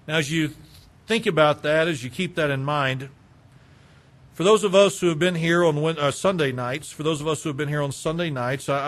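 A man's voice: a little high, fairly bright tone. Preacher man asking rhetorical questions. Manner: rhetorical questions, builds in force. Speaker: pastor. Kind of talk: sermon.

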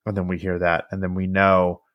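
A man co-hosting a podcast, casually recapping a film in animated bursts and acting out the characters' lines with plenty of swearing. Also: sits low, brisk, dull audio. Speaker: podcast co-host.

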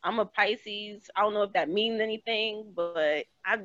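A woman's voice: mid-range voice, unhurried, dry recording, dull audio. A woman on a podcast panel chatting casually, acting out little exchanges as she talks. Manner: animated storyteller, acts out quoted exchanges. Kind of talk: casual chat.

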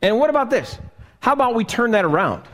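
A man preaching a live sermon as pastor, slow and emphatic, asking the congregation rhetorical questions. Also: very high-pitched, sing-song, fairly bright tone. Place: church sanctuary. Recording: live church recording with long reverb.

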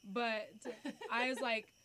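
A young woman telling a story in a casual chat, animated and quick to shout when she acts it out. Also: on the high side, slight background noise. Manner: animated, breaks into loud screams when acting out the story.

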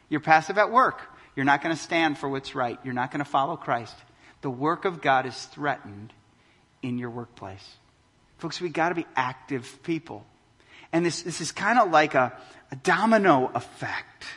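A man preaching a sermon as pastor, building to loud emphatic peaks. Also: a little high, breathy edge, in a large hall. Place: church hall.

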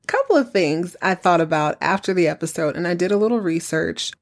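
A woman with a slightly low voice hosts a casual podcast and walks through a TV episode scene by scene. She tells it with animated emphasis, often repeating a phrase for effect. The talk is relaxed and chatty. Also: fairly quick. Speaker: podcast host recapping a TV episode. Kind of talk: casual chat.

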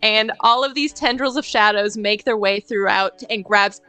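Female player, bright tone, dramatic in-character narration. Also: mid-range voice, normal speed, clear, resonant tone, no echo, rough recording. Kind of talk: playing a tabletop game.

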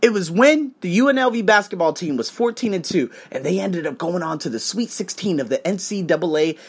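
A man's voice: high-pitched, fairly quick, husky. A man in his thirties from Las Vegas, hosting a podcast alone and telling a profane, rambling story with plenty of asides while sipping cognac. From Las Vegas, United States. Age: 30s. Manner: animated, profane, drifts off into asides. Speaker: podcast host. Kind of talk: casual storytelling monologue.

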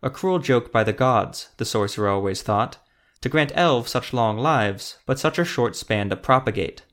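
A man reading fantasy audiobook narration in a steady, even storytelling manner. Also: medium pitch, moderate pace.

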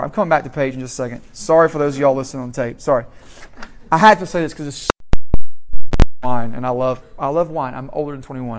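This sermon comes from a man with a slightly high voice who talks to his congregation conversationally. He poses questions to them, and his delivery goes back and forth between quiet and loud.

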